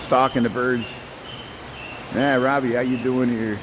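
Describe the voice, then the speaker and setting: A man's voice: mid-range voice, little pitch movement, a little slow, noisy background. Chatty man touring a birdhouse. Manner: chatty, talks to the animals, trails off and repeats words. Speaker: vlogger. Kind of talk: casual walking tour narration. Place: indoor zoo birdhouse.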